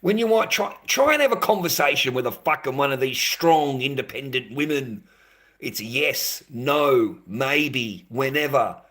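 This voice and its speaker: A man's voice: medium pitch, a bit bright. A man hosting a livestream, ranting bluntly and swearing constantly, repeating his points and calling viewers mate. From Australia. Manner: repetitive, addresses viewers as mate. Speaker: livestream host. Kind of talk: livestream rant.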